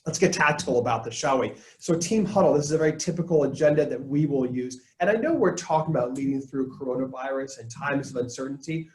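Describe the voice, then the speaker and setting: A man's voice: medium pitch, fast, few pauses, a little mellow. A man giving a leadership training webinar, conversational, with jokey asides to the chat. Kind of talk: webinar presentation. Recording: roomy echo.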